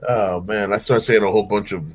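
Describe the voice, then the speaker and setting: A middle-aged man, chatting casually on a stream and telling stories with animated, playful voices. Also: a little fast, soft background music. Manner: animated storytelling, breaks into silly high-pitched voices. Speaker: streamer host. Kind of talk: casual chat. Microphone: streaming mic.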